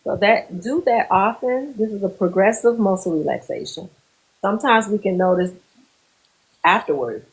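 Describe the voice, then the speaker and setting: A woman therapist leading a group through a guided muscle relaxation exercise, giving slow, calm instructions with pauses. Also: medium pitch, low-quality recording.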